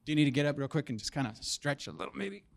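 A man in his thirties preaching a sermon as pastor, animated and joking, building to emphatic punchlines. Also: a little high, racing, vocal fry.

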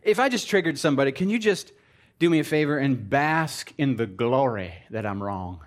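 A man giving a comedic sermon to a live audience, animated and sarcastic, jumping between loud exclamations and mumbled asides. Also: mid-range voice, normal speed.

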